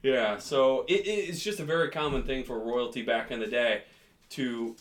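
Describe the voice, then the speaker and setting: A man's voice: mid-range voice, moderate pace. A man co-hosting a casual podcast chat, joking and laughing often. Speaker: podcast co-host.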